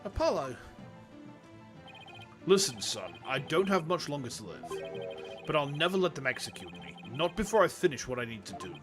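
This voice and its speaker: A man voicing a grave, deep-voiced fatherly leader. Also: sing-song, over music. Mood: solemn. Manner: low, solemn, measured. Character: older male leader, gruff, grave, fatherly.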